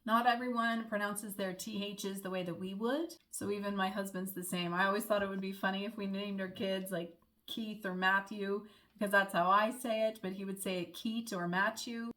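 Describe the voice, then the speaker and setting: A woman's voice: medium pitch, level tone, normal speed, a bit bright. Chatty young American woman vlogging. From United States. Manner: chatty, friendly, explaining with small laughs. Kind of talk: casual explainer vlog.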